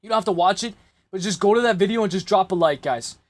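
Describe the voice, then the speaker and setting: A man's voice: sits high, fast talker. A young man hosting a casual livestream chat with slangy, rambling talk, his voice a little worn out, constantly repeating "guys". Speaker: livestream host.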